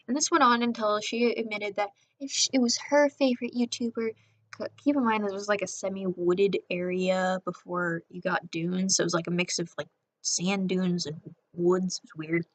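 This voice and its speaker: A woman's voice: medium pitch, steady tone, normal speed. A young woman casually telling a rambling storytime, sarcastic, often acting out quotes in a raised voice. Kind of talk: casual storytime over a speedpaint.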